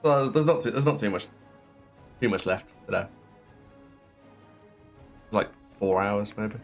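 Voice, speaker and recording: A man's voice: lowish voice, expressive, unhurried, soft background music. A man playing a speedrun live, chatting casually and laughing while thinking aloud mid-game. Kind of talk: casual chat while gaming.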